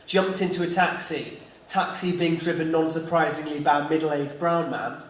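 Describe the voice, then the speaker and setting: A man's voice: a little high, fairly even intonation, moderate pace, recorded from a distance. A man from England telling a wry story as a stand-up comedian. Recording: echoey stage heard from afar.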